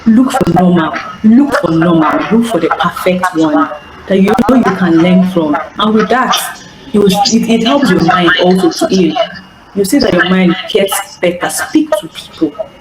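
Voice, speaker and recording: A woman's voice: on the low side, expressive, measured pace, over a noisy crowd. A woman giving an earnest, repetitive live coaching talk over call audio. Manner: earnest, repeats phrases, stammers on restarts. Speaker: healing coach. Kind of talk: live online teaching talk. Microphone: online call audio. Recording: echoey, noisy call audio.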